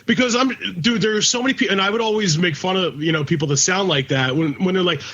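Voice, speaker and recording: A man's voice: high voice, fast, fairly bright tone. A man co-hosting a casual podcast, talking in a blunt, profane rant. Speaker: podcast co-host. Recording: dull lo-fi recording.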